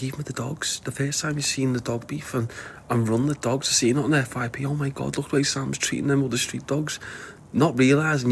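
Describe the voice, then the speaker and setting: A man's voice: medium pitch, a little hiss or hum. A man with a Liverpool accent chatting casually to viewers on a livestream, rambling, laughing often and swearing freely.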